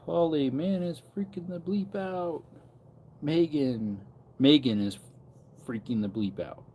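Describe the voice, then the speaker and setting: A man's voice: fairly high pitch, slow pace, a little mellow, slight background noise. A man in his thirties chatting casually on a livestream, rambling and answering chat comments aloud, outdoors near farm animals. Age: 30s.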